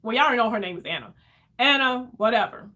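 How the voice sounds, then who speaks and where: A woman telling an emotional story to her viewers in a casual, animated way, calling them y'all and acting out what others said. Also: fairly high pitch, fast talker. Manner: animated, addresses viewers as y'all, acts out quoted voices. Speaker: vlogger.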